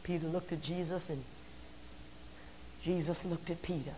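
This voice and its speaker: A preacher delivering a sermon, swinging between shouted lines and hushed passages with rhythmic repeated phrases. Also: mid-range voice, steady tone, normal speed, a little hiss or hum. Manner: repetitive, rhythmic build-up of phrases. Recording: long hall reverb.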